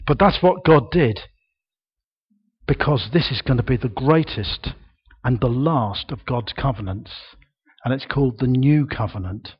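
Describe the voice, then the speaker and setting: Older male preacher, slow and emphatic sermon delivery, husky tone. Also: medium pitch, animated, dull audio. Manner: slow, emphatic delivery with dramatic pauses and raised projection. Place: church.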